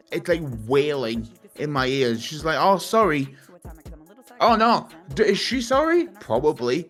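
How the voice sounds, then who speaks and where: A man's voice: high voice, a bit bright. A young man chatting casually, ranting animatedly and swearing a lot. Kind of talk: casual chat on a stream.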